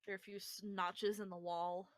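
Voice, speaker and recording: A woman running a tabletop game as game master, calmly describing the scene to her players. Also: mid-range voice, moderate pace, no room sound, rough recording.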